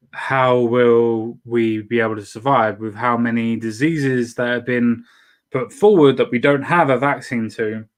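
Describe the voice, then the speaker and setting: Man hosting, swearing and restarting. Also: mid-range voice. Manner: swears freely, talks in restarts. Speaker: show host. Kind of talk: casual chat.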